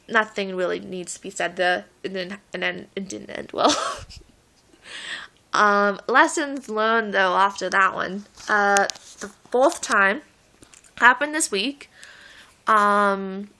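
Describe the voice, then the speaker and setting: A woman's voice: mid-range voice, bright, forceful tone. A woman in her late teens telling stories in a rambling, giggly vlog, laughing often as she talks. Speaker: vlogger. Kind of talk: casual storytelling vlog.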